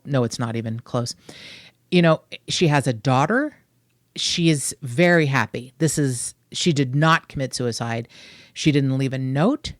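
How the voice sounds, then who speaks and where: A woman from Kentucky with a Kentucky accent, hosting a true-crime podcast in a sarcastic, animated, blunt way. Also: a bass voice, a little slow, no echo, clean studio sound. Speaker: podcast host.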